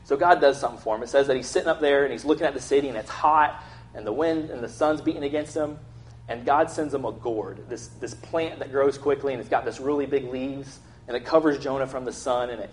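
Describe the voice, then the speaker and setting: A man's voice: mid-range voice, a little hiss or hum. A young man preaching a casual, conversational sermon, acting out quotes in an everyday voice. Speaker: pastor.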